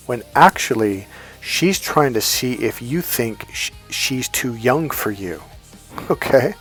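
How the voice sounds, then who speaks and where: A man's voice: medium pitch, animated, slow. A man in his fifties talks through dating advice in a loose, casual monologue, circling back and restarting his sentences as he goes. He voices both sides of remembered conversations. Faint music plays underneath. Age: 50s. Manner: rambling storyteller with many restarts and quoted dialogue. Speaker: dating coach.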